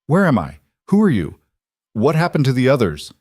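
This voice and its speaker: A man narrating a story, voicing a frightened, well-bred young woman stranded in a mountain cabin in a breathy, pleading voice. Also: on the low side, very animated, moderate pace, darkish tone, dry recording, clean studio sound. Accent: Eastern US, put on. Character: frightened young upper-class city woman.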